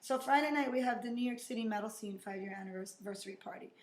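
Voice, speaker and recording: A woman's voice: fairly high pitch, fast. A woman co-hosting a podcast from the back room of a bar, chatting casually and laughing often. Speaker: podcast co-host. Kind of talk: casual chat. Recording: echoey room with faint ambience.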